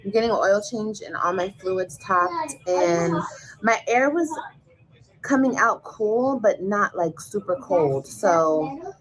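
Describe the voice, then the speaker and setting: A woman's voice: medium pitch, expressive, slow, crowd noise, low-quality recording. A woman vlogging to her viewers in a rambling, chatty way about her day. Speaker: vlogger mother. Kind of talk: casual vlog chat.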